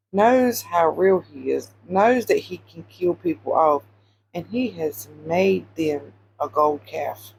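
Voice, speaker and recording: A woman casually retelling Bible stories, animated, repeating phrases for emphasis and quizzing her listeners. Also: on the low side, creaky, breathy edge. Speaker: Christian social media storyteller.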